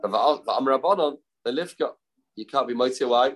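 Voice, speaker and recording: A man's voice: mid-range voice, normal speed, fairly bright tone, slightly rough, poor audio. A man teaching a daily Talmud class, mixing English with Hebrew and Aramaic terms and asking rhetorical questions.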